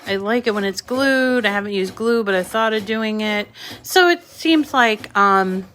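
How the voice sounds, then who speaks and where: Woman, New England accent, craft channel host, casual live-stream talk to viewers, middle pitch. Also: unhurried, fairly bright tone, slight background noise. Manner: chatty, talks to viewers and reads their comments.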